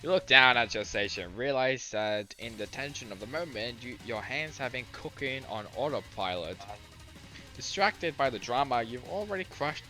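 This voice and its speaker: A man's voice: mid-range voice, bright, forceful tone. A man reading a game's narration aloud with a wry, teasing manner, stumbling over words now and then. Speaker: friend reading narration on a stream. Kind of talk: reading game narration aloud, casual chat.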